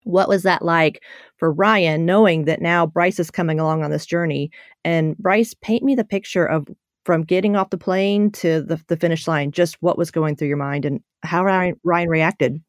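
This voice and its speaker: A woman's voice: lowish voice, steady tone, normal speed, no room sound. A woman hosts a podcast interview and prompts her guests with encouraging questions. The recording is dry, with no room sound around her voice. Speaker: podcast host.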